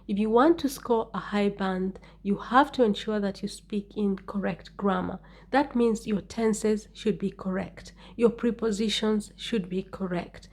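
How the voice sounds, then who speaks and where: A woman teaching an English speaking-test lesson in a clear, deliberate way, stressing key words with rising intonation. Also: mid-range voice, darkish tone. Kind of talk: exam-prep lesson.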